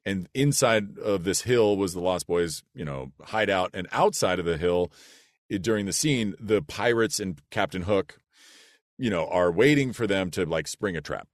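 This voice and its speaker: A man with a very low, deep voice tells a story from his acting days, casual and animated, laughing along as he goes. The sound is dry and close, with no room around it. He is from the United States and talks like a podcast guest. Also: moderate pace, no room sound.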